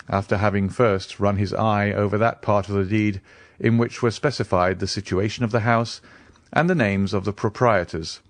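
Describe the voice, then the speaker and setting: A man reads a classic novel as an audiobook, his scripted narration measured and expressive in a storytelling style. His voice is on the low side, captured with clean studio sound and no room sound.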